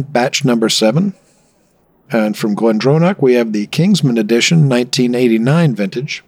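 Relaxed male host, dry sound. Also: medium pitch, dry recording. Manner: relaxed, hesitant with fillers. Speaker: show host. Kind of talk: casual hosted tasting show.

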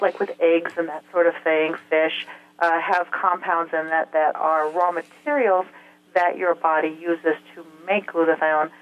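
Woman explaining over a tinny phone line. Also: on the low side. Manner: earnest, explains step by step with frequent filler sounds. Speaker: health expert guest. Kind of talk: explanatory interview answers. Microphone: telephone.

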